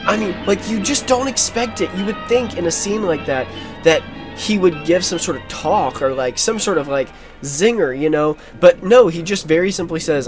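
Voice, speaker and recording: An excitable woman rambles through a movie commentary, breaking into laughs and asides. Her voice swings widely up and down as she gushes. Film music plays clearly beneath her. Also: fairly low pitch, moderate pace. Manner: enthusiastic, rambling, laughs often.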